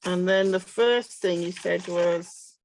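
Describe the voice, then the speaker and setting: A woman's voice: lowish voice, slow pace, slight background noise, low-quality recording. A woman student politely asking hesitant questions in an online class.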